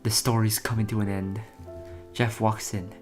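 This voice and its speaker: A man with a fairly low voice reads stage directions and drops casual, chatty asides between lines. Soft guitar music plays faintly behind him throughout. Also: level tone, normal speed. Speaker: vtuber streamer. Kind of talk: casual commentary on a script read.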